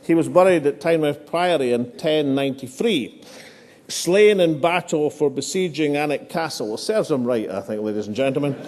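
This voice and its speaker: A man's voice: a little high, normal speed, a little mellow, slight background noise. Scottish man giving a dinner speech in a reverberant hall. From Scotland. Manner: dry humour with frequent filler hesitations. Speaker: political speaker at a dinner. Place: hotel function room.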